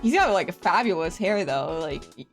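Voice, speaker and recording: A woman's voice: fairly low pitch, lively intonation, moderate pace, soft background music. A woman streaming a story game from her home computer, chatting casually, laughing often and swearing freely. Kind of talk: casual live-stream commentary.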